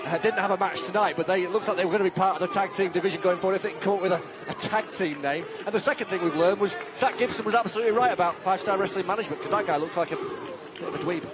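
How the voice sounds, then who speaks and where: High-voiced male wrestling commentator. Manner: brisk, promotional hype delivery. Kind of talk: live play-by-play commentary. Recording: noisy arena with crowd.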